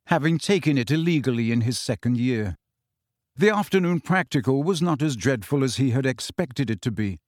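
A man reading audiobook narration in a measured, even storytelling manner, close to the mic. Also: medium pitch, no room sound. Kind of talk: scripted narration.

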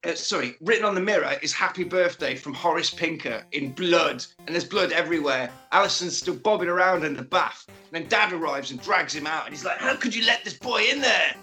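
High bright-voiced man. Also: fairly quick, hardly any pauses, faint music behind. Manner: animated, joking retelling with acted-out quotes. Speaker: podcast co-host. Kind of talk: casual chat recapping a film.

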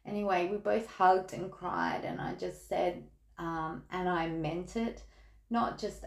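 An Australian woman talks slowly through a tarot reading, her voice gravelly with fry and her words candid and chatty. The room around her sounds roomy and echoey. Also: lowish voice, lively intonation. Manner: candid, chatty storytelling with laughs. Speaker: tarot reader. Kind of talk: casual tarot podcast chat.

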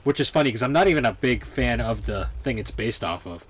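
A man's voice: mid-range voice, lively intonation, brisk, husky. A young man co-hosting a casual gaming podcast, chatting loosely with lots of fillers and laughter. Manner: laughs often, many fillers. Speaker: podcast co-host. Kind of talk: casual chat.

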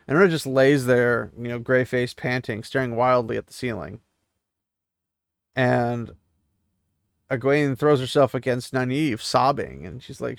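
A man's voice: mid-range voice, a little slow, gravelly, pauses often, no echo, studio quality. A man giving a casual recap of a fantasy novel, chatty and digressive, breaking off into asides and questions. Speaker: book discussion host.

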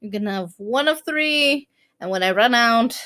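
A giggly woman in her thirties chats on a casual podcast, spilling stories quickly with frequent laughter. Her voice sits a little high. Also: animated, sharp tone. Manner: giggly, rapid storytelling. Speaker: podcast co-host. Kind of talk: casual chat.

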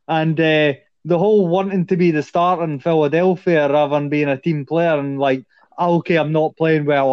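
Man, podcast guest, opinionated casual chat, high voice, muffled dry recording. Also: darkish tone, dry recording. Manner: opinionated, conversational, "I reckon". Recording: dull, dry lo-fi audio.

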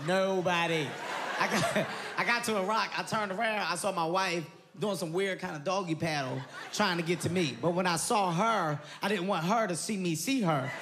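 A male comedian telling a story on stage, animated and breaking into shouted quotes. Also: fairly high pitch, background noise. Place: comedy stage before an audience.

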